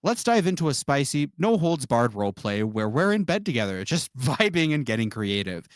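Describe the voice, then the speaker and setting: A man's voice: medium pitch, big pitch swings, normal speed, no room sound, studio quality. A male streamer on a live stream, talking in a pushy, demanding, mocking way.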